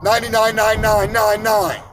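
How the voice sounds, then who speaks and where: A man's voice: high-pitched, flat delivery, normal speed, noisy background. A man in his forties who works in iron, ranting bluntly and profanely about money and personal responsibility. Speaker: iron worker ranting on camera.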